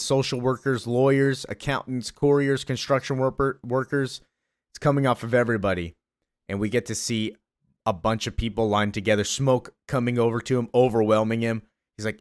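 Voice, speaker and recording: An excited man recaps a comic book page by page and gushes over the art. His voice sits at an ordinary male pitch. The sound is dry and close, with no room echo. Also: moderate pace, smooth. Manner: excited, gushing, reads character lines with slight voices.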